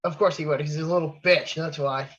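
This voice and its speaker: A man's voice: fairly high pitch, fairly even intonation, fairly quick, fairly bright tone, dull audio. A man co-hosting a casual podcast, groaning and cursing in pain as he eats very hot sauce and hiccups. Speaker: podcast co-host. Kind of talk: casual chat.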